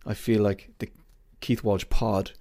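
A man's voice: lowish voice, little pitch movement, a little slow, mellow, dry recording, studio quality. A man hosting his podcast in a rambling, self-mocking casual chat. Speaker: podcast host.

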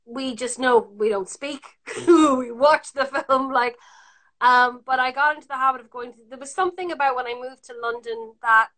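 A woman from Ireland, an actor guesting on a podcast, animated and self-deprecating as she chats. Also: on the high side. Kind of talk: casual conversational interview.

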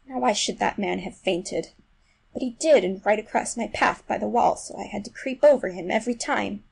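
A woman reads a classic story aloud in first person. Her voice is gravelly and husky, sitting at a middle pitch. She drops to hushed lines and rises to emphatic ones. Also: a little fast, low-quality recording. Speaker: audiobook reader. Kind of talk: literary audiobook narration. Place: New York City.

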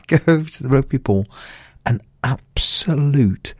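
A man, co-hosting a podcast, telling a funny story in an animated way and laughing often. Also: mid-range voice, measured pace, no echo, studio quality. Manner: animated, laughing through stories, acts out voices. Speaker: podcast co-host. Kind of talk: casual storytelling chat.

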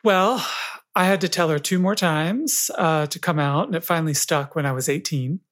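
A podcast guest giving calm, reflective advice in a thoughtful conversational way. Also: mid-range voice, moderate pace. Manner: calm, reflective, laughs easily.

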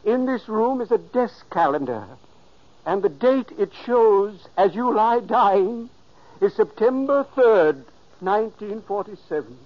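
A man's voice: sits high, lively intonation, a little slow. An actor playing an elderly man's ghost who narrates solemnly and pleads urgently, in a 1940s radio drama. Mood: coaxing. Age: older. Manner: solemn, pleading, softly commanding. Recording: dull lo-fi 1940s radio recording.

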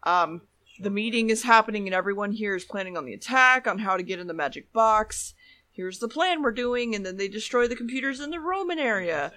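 A man with a high-pitched, bright voice rambles through a plot recap in a casual podcast chat. His sentences often trail off lower. The sound is dry and close. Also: expressive, a little fast, no room sound. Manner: rambling plot summary, trailing off low at ends. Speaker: podcast co-host recapping episodes.

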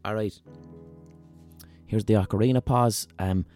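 A man's voice: lowish voice, steady tone, unhurried, darkish tone, faint music behind. A man hosting a podcast in casual chat, rambling, jokey and irreverent. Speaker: podcast host.

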